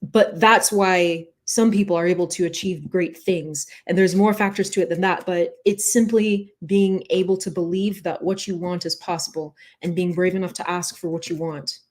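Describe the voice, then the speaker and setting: A woman's voice: on the low side, steady tone, normal speed, few pauses. A woman from the US South, a guest on a podcast interview, telling stories and giving advice in an earnest, reflective way. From US South, Atlanta area. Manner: earnest, reflective, tells stories with quoted voices. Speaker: guest, comic creator. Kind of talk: casual interview chat.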